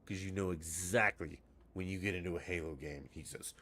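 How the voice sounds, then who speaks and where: A man's voice: sits low, brisk, sharp tone. A man chatting casually on a live game stream, rambling and swearing freely after a few drinks. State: has been drinking.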